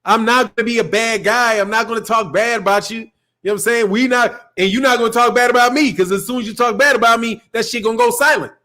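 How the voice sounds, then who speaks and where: Speaking very fast in a very high, bright, forceful voice, he runs a boxing channel's live stream. The Chicago native's casual rant is loose, profane and wandering, punctuated by frequent laughter.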